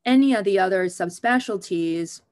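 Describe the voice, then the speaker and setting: A woman's voice: mid-range voice, normal speed. A woman OB/GYN, a guest on an interview show, talking frankly and with humor about her field. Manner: frank, animated and joking. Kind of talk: conversational interview.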